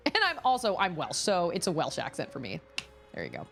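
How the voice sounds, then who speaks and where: A woman's voice: fairly low pitch, huge pitch swings, normal speed, creaky, fairly bright tone, faint music behind. A woman streaming a game, chatting casually and musing aloud as she sorts through menus, repeating item names under her breath. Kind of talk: casual live-stream chat while playing.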